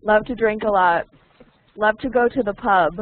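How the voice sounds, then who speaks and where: A woman teaching English online, speaking slowly and deliberately and repeating key words so learners can follow. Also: mid-range voice. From United States. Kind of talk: online language lesson. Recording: tinny phone-like online call audio.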